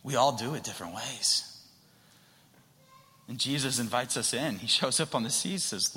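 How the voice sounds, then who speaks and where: A man preaching a sermon earnestly, rising to passionate emphasis and dropping at times to a soft whisper. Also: medium pitch, lively intonation, normal speed, long pauses, in a large hall. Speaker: pastor.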